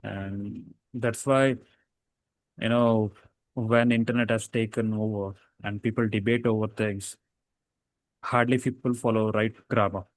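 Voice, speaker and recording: A man's voice: lowish voice, steady tone, measured pace, no room sound. A man teaching a casual grammar lesson, explaining rules with fillers and self-corrections.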